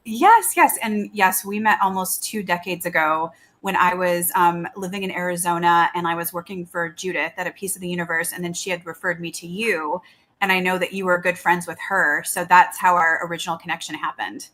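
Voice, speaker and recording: Earnest middle-aged woman, lowish voice. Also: fairly quick, a bit bright. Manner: friendly, earnest, chatty with fillers. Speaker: guest psychic medium. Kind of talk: casual interview chat.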